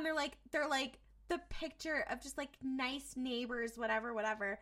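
A woman's voice: sits high, moderate pace. A woman co-hosting a podcast, recapping a TV episode in casual chat, swearing freely and acting out lines. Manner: animated, swears freely, acts out quoted lines. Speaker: podcast co-host.

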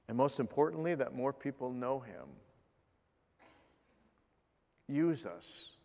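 A man's voice: medium pitch, big pitch swings, gravelly. Earnest preaching man in a reverberant hall. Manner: earnest preaching, slows for scripture and prayer, softens to near hush. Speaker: pastor. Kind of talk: sermon.

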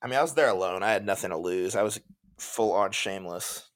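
A man in his early twenties chatting casually on a podcast, telling stories in a laid-back way with quick asides. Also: sits low, no room sound, studio quality. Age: 20s. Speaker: podcast co-host. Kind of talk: casual chat.

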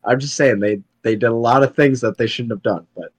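A podcast co-host in casual chat, ranting in exasperation and mock-quoting other people. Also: male voice, mid-range voice, brisk, crowd noise.

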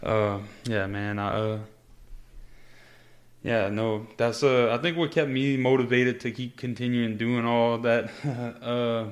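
A man hosts a relaxed, casual conversation. He rambles into stories with plenty of "uh" and "man" and swears freely. His voice sits at an ordinary middle pitch. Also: slow pace. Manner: laid-back storyteller, frequent fillers and profanity. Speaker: podcast host, former paramedic.

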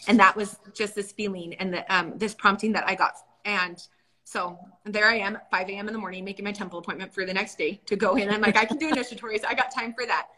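A woman's voice: medium pitch, fairly even intonation, fast, pushed and bright. A young adult woman co-hosting a casual faith discussion, earnest and storytelling. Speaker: podcast co-host.

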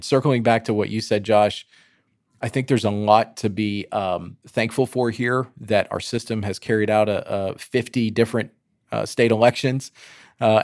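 Male co-host, low, easygoing, casual banter, dry studio sound. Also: dry recording. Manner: easygoing, joking, many fillers. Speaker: podcast co-host. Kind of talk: casual chat, news roundup.

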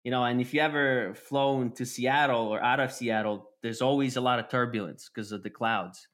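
A man telling an animated, casual story, full of fillers and swearing. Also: mid-range voice, moderate pace. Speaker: storyteller guest. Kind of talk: casual chat.

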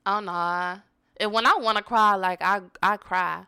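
A young woman, co-hosting a casual chat, animated and laughing as she retells things dramatically. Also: mid-range voice, measured pace, smooth. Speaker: podcast co-host.

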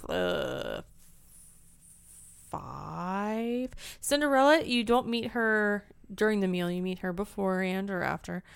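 A woman's voice: medium pitch, lively intonation, takes it slowly, creaky, clear, resonant tone, no room sound. A woman co-hosting a casual chat about theme park tips, chatty and hesitant with ums. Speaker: co-host.

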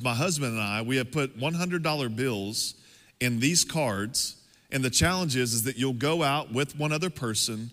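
Storytelling pastor in a reverberant hall. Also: male voice, mid-range voice. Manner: animated, conversational storytelling with laughs. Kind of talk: sermon storytelling.

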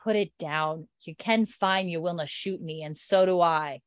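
A woman voicing a stern, protective Highland husband who speaks in firm, threatening lines. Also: a little slow, clear, resonant tone, lightly acted.

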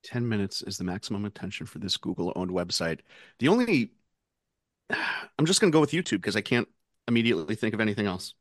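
A man playing a trivia game on a podcast, thinking out loud in a relaxed way. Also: on the low side, fairly quick, dry recording, studio quality. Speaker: quiz contestant. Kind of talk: casual podcast chat.

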